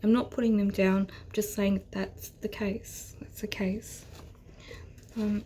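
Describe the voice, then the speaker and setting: A woman giving a rambling, earnest tarot reading, often dropping into soft whispers. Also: mid-range voice, flat delivery, measured pace. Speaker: tarot reader. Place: at home with her cat.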